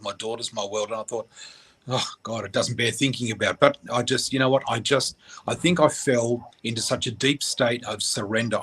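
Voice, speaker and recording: A middle-aged man from Australia, a radio guest, telling a personal story in a halting, emotional way with many fillers. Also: medium pitch, fairly bright tone, breathy edge.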